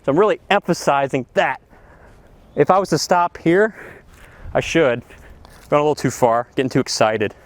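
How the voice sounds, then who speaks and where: A golf instructor bursting with enthusiasm, his slightly high voice swooping up and down as he shouts about good contact. He teaches outdoors on the practice ground, talking straight to the camera. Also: normal speed, long pauses, no room sound. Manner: excitable, exclamatory, enthusiastic. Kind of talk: energetic golf lesson to camera.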